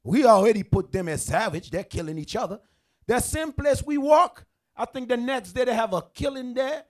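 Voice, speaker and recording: Male panelist, high pitch, earnest and direct. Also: expressive, moderate pace. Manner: earnest, conversational, addresses listeners directly. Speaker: member of a religious teaching panel. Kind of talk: casual teaching discussion.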